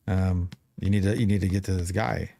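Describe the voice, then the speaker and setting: A man's voice: low voice, fairly even intonation, a little fast, creaky, warm tone. A man hosting a podcast, telling a long story in casual chat with many restarts. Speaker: podcast host.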